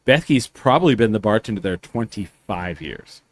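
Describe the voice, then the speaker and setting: A man's voice: on the low side, expressive, normal speed. A man co-hosting a podcast, telling rambling anecdotes in casual chat and swearing freely. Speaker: podcast co-host.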